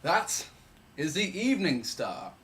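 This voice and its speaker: A man playing a patient father who shows his small son the stars, speaking in a gently instructive, emphatic way. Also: a little high, huge pitch swings, slow, full character voice.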